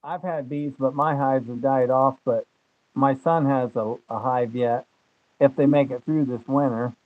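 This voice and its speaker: A man's voice: medium pitch, fairly even intonation, a little slow, no echo. An older man, chatting in a rambling, folksy way as host of a homesteading channel. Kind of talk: casual chat. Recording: dull lo-fi sound, faint noise.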